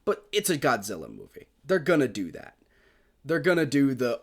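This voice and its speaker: A man's voice: mid-range voice, big pitch swings, normal speed. A man giving a casual film review monologue, gushing and rambling with frequent swearing.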